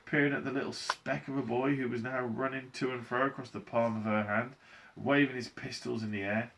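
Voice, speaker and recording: A male teacher reading a storybook aloud to a class in an expressive, animated way. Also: medium pitch, moderate pace, background noise.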